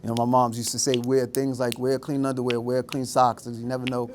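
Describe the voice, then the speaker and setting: A man's voice: medium pitch, flat delivery, a little fast, slight background noise. Man telling a vivid personal story. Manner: vivid storyteller acting out voices. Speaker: speaker. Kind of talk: storytelling talk.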